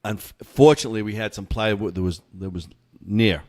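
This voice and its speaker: A man co-hosting a podcast, telling work anecdotes in a casual, animated way and laughing as he goes. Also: fairly low pitch, brisk. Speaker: podcast co-host. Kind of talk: casual storytelling.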